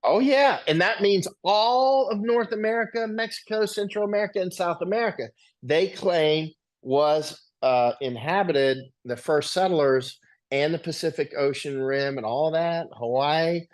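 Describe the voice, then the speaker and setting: A man's voice: a little high, unhurried. Man rambling through anecdotes. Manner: rambling anecdotal, tag questions. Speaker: guest. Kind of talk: conversational interview storytelling.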